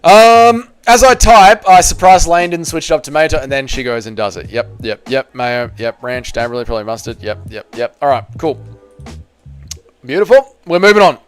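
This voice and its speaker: Aussie male streamer, casual and crude, slightly higher voice, clean resonant tone. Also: expressive, moderate pace, clean tone, soft background music. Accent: Australian. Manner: rambling, jokey, swears casually. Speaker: livestream host reading chat. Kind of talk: casual live-stream chat.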